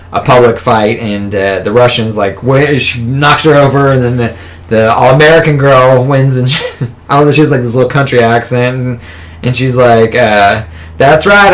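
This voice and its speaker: A man co-hosting a casual comic book podcast, rambling through a plot recap with lots of fillers and laughter. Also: mid-range voice. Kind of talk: casual chat.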